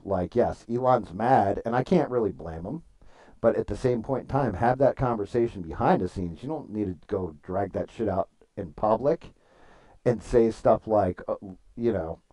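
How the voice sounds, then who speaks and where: On a relaxed livestream, this man speaks in a lowish voice with a dark tone. His talk wanders from story to story, peppered with swearing, and he responds to chat by reading messages out loud.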